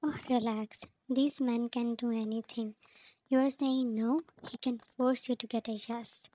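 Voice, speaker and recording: Lady reading a bossy scheming best friend, flat and slow. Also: fairly high pitch, lightly acted, rough recording. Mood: insistent. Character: pushy scheming young woman friend.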